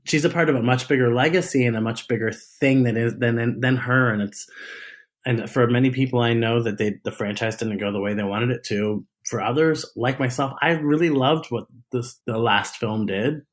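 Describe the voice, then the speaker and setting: A man being interviewed as a guest, a drag performer telling stories in a casual chat, animated and laughing often. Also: mid-range voice, normal speed. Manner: animated storyteller, laughs and giggles often, many restarts.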